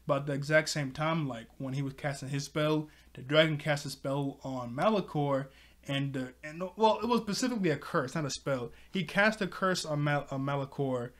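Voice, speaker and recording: A man's voice: a little high, moderate pace. A man casually recapping a cartoon episode, rambling with many fillers and frequent laughs.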